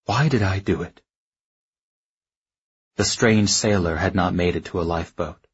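A man reads a novel in the first person, sombre and measured. His voice is deep, unhurried and strongly husky. The audio is dull and muffled. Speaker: audiobook narrator. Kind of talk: first-person literary narration.

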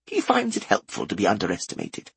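A man reading an audiobook and voicing a tiny, brisk, motherly woman who runs an inn kitchen, speaking slowly and softly with a breathy edge. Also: fairly low pitch, wildly swooping pitch, no room sound, heavily acted. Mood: brisk kindly.

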